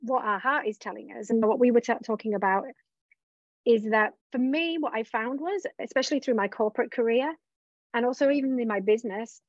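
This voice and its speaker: Speaking briskly in a fairly high voice, a woman business coach opens up in a candid conversational interview about her own journey, frequently quoting her past thoughts aloud. The recording is dull, dry lo-fi with no echo.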